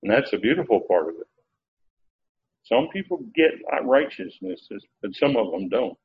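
A man teaching through Bible verses word by word, pausing often with filler sounds as he explains. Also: mid-range voice, big pitch swings, vocal fry. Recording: dull lo-fi recording with faint background noise.

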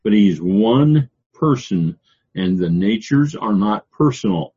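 An older man lecturing on scripture in a deep, husky voice, stopping often on "uh" as he works through the text. The sound is dull and lo-fi. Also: expressive, dark tone. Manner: halting, many "uh" fillers, explains word meanings. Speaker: Bible teacher. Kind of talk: classroom theology lecture.

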